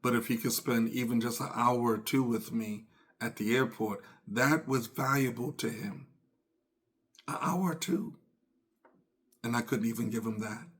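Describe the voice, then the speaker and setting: A man's voice: mid-range voice, unhurried. Middle-aged man, podcast host, earnest reflective delivery that acts out dialogue, voice in the middle range. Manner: earnest, repeats phrases, acts out quoted dialogue. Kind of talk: reflective personal talk.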